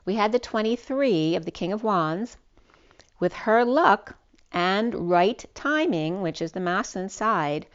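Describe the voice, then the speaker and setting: A woman hosts her channel's spiritual tarot reading in a medium-pitched voice with lively intonation and an unhurried pace. She rambles, restarting her words often and saying "um" a lot. The recording is muffled.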